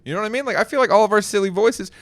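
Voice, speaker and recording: A high-voiced man from the American Midwest hosts a late-night comedy chat as a podcast host, talking rapid-fire over a noisy background. He teases his guest, laughs often, and swears freely.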